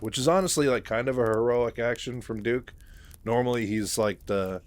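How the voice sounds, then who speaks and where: A man's voice: medium pitch, moderate pace. A man casually retelling a novel, rambling with many fillers and chuckles. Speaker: book recap narrator.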